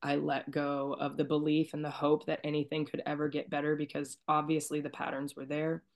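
Lady with a low voice telling her life story, soft and teary, trails off quiet. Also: completely flat delivery, brisk, creaky. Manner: soft-spoken, tearful at times, trailing off quietly. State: emotional, near tears. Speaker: podcast guest. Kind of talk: emotional personal storytelling.

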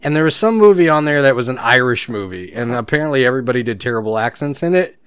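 A man's voice: medium pitch, lively intonation, quick pace, clear, resonant tone, no room sound. A man co-hosting a casual podcast, telling rambling stories and laughing often. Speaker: podcast co-host.

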